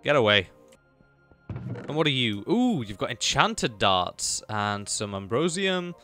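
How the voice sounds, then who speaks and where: A young man commentating a video game, excitable, chatting to enemies and pets and swinging from low mutters to high exclamations. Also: slow, soft background music. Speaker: gaming YouTuber. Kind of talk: live gameplay commentary.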